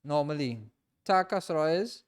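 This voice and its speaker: A man teaching a reading class in a mosque, patiently repeating and drilling each sound slowly for his students. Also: a little high, smooth. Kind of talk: classroom lesson.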